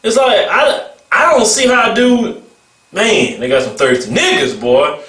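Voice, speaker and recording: A man's voice: sits high, animated, a little slow, a bit bright, echoey room, far from the mic, soft background music. A man giving a casual vlog commentary rant, mocking and blunt, laughing between remarks. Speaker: vlogger.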